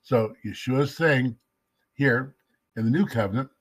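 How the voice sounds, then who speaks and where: A man giving a casual devotional teaching, emphatic, slowing down to stress key words and sometimes dropping to a whisper. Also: medium pitch, husky. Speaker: messianic Jewish teacher.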